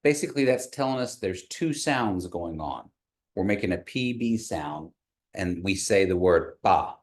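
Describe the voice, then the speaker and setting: A man's voice: deep voice, animated, measured pace. A man teaching a language class in a classroom, patiently modeling sounds and having the learners repeat them. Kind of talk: classroom pronunciation lesson.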